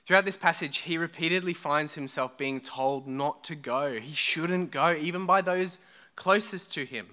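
Bright, crisp-voiced man preaching. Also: fairly high pitch, moderate pace. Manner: chatty, joking with congregation. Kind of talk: sermon. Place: church hall.

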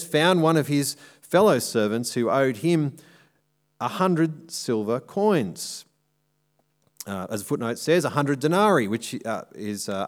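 Aussie guy giving a sermon, walks through the passage bit by bit, goes slow and quiet on the big points, middle pitch. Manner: explains step by step, then slows and softens to drive points home. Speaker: preacher. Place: church.

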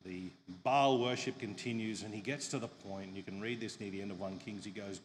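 A male pastor preaching a sermon, retelling a story with lively humor and asking the congregation questions. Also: lowish voice, a little fast, big-room sound, slight background noise.

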